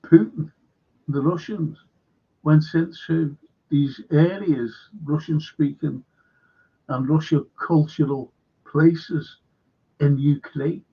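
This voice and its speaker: A man's voice: fairly high pitch, slow pace, vocal fry, pauses often, breathy edge, highs cut off. A man with a Liverpool accent hosting a rambling, opinionated monologue. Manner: rambling, opinionated, animated when quoting others. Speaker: host.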